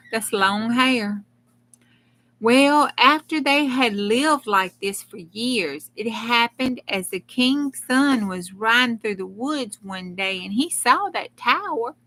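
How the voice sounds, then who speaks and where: Woman reading a fairy tale aloud, folksy, slow, slightly high voice, chatty asides. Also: fairly bright tone, low-quality recording. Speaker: host of a crafting channel reading aloud. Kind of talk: storytelling read-aloud with casual asides.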